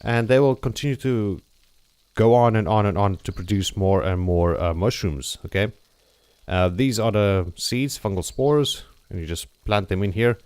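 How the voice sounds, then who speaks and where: A man's voice: lowish voice, normal speed, a little mellow, clean tone, no room sound. A man hosting a gameplay video, explaining his building plans step by step in a chatty, joking way. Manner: chatty, jokey, explains step by step with frequent "okay?". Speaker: gameplay channel host. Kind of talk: casual gameplay commentary.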